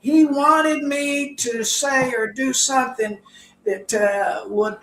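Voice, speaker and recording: A man's voice: very high voice, steady tone, takes it slowly, fairly bright tone, slight background noise. Older man telling rambling anecdotes. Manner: rambling anecdotes, chuckles often. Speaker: guest, former baseball player. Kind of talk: casual storytelling. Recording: echoey room.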